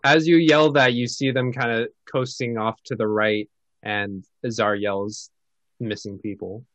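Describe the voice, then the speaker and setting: A man's voice: mid-range voice, steady tone, a little slow, fairly bright tone, no room sound. A man narrating a tabletop game as game master, describing scenes with many hesitations.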